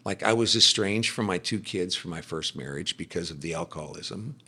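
Man, middle-aged, podcast guest, faith testimony, forceful, animated storytelling. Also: sits low, a little fast, slightly rough. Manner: animated storyteller, acts out quoted speech. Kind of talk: personal faith testimony in casual conversation.

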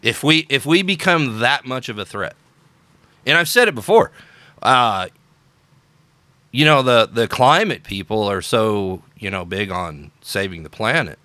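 A man's voice: mid-range voice, expressive, a little slow, pushed and bright, no room sound. A man hosting an unscripted political podcast, talking in an opinionated, sarcastic way with emphatic repetitions. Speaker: podcast host.

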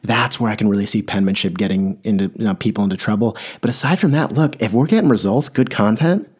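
A man's voice: on the low side, fast talker, darkish tone, breathy edge. A man hosting an episode, telling a rambling comic story with wry asides. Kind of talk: comedic monologue.

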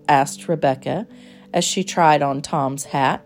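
A woman reading a children's storybook aloud in a gentle, expressive, measured way. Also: sits low, soft background music.

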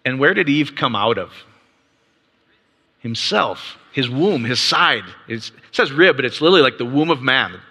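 A man's voice: medium pitch, lively intonation, moderate pace, pushed and bright. A man giving a casual Bible teaching with slides to a live group, checking in with rhetorical questions and often restarting his sentences. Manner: casual, peppers points with rhetorical "right?"; frequent restarts and stammered repeats. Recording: long reverb of a large hall.

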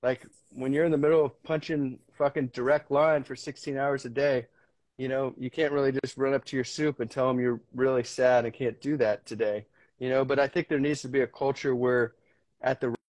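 A man's voice: mid-range voice, fairly even intonation, a little fast, a little mellow, no room sound. A man as a podcast guest, talking candidly with frequent restarts, casual swearing and earnest storytelling. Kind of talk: candid conversation.

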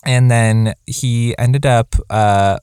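Podcast co-host, young man, rambling animated storyteller, dry close mic. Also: mid-range voice, very slow, smooth, dry recording. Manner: animated, quoting people in a raised voice; lots of likes and ums. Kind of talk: casual storytelling chat.

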